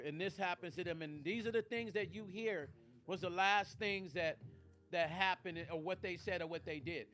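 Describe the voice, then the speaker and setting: His voice sits high with a little brightness as this middle-aged man runs his own live stream. Tearful and emphatic, he talks right to his audience and swears.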